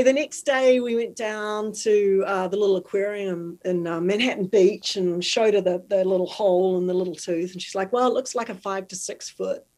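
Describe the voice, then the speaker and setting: Lively New Zealand woman telling stories. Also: mid-range voice. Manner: animated, lively storyteller who giggles easily. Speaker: guest, marathon swimmer. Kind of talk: storytelling in conversation.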